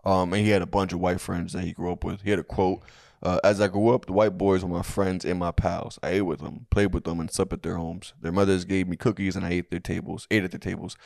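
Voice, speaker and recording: A man's voice: sits low, little pitch movement, quick pace, vocal fry, hardly any pauses, a little mellow, no room sound, studio quality. A man co-hosting a comedy history podcast, talking in a laid-back, crude way with many fillers and restarts. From family from a third world country. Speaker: podcast co-host. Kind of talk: casual comedy podcast chat.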